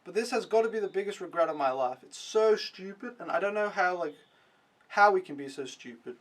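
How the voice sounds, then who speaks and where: A man's voice: high-pitched, animated, a little fast, distant mic. A young man vlogging a casual, rambling recap, mocking himself and swearing freely.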